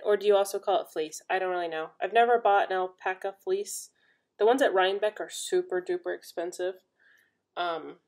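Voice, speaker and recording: A young woman chatting casually at home about her crafts. She talks in a rambling, excitable way with frequent laughs. She sounds a little tired after her workday. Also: medium pitch. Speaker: crafting podcast host. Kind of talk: casual chat. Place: home, indoors.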